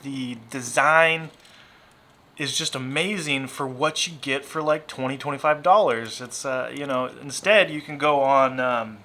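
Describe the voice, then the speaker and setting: A man's voice: medium pitch, bright, forceful tone. A married man with a Southern US accent, chatting casually about his diecast car collection, rambling and self-deprecating and going off on tangents. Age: adult, married. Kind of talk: casual chat.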